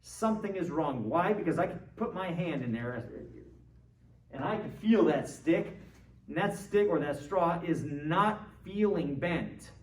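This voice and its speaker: A man's voice: fairly high pitch, expressive, measured pace. A man teaching a philosophy class in a conversational way, quizzing his students and checking in with them often. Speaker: philosophy lecturer. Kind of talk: classroom lecture. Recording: roomy classroom, distant mic, faint noise.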